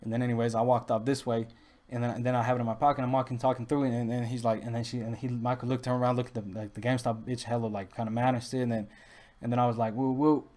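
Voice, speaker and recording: Fast-talking young man rambling a story. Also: mid-range voice, flat delivery, darkish tone. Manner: rambling, repetitive restarts, heavy street slang. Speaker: vlogger. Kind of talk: casual storytelling monologue.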